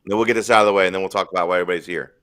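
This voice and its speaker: A man's voice: low-pitched, steady tone, very fast, a bit bright, clear, resonant tone. A man hosting a live stream in casual chat, rambling through stories in a blunt, profane way.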